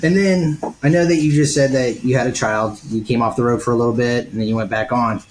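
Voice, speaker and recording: A man's voice: medium pitch, steady tone, a little fast, darkish tone, poor audio. Rambling man host, faint noise. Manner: rambling questions with fillers. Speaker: podcast host. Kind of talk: casual podcast interview.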